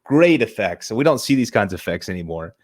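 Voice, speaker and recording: A man co-hosting a casual movie review, excitable, swearing casually and restarting his sentences often. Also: fairly low pitch, fast talker. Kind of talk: casual chat.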